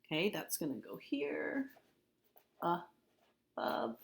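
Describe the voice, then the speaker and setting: A woman's voice: fairly low pitch, unhurried. A woman teacher giving a recorded spelling lesson, patiently repeating words and spelling them out letter by letter.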